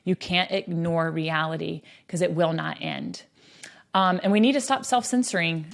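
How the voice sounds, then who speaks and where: A woman's voice: lowish voice, normal speed, vocal fry. A woman from western North Carolina, talking as a podcast host in an earnest, storytelling manner with frequent ums. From western North Carolina, USA. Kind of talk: earnest conversational monologue.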